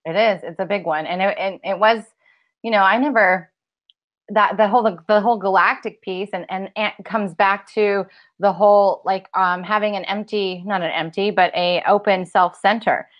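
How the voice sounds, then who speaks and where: A woman's voice: mid-range voice, fairly even intonation, normal speed. Playful woman, slightly muffled audio. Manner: playful, laughing, acts out voices in her stories. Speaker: guest, spiritual teacher. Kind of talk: casual spiritual conversation.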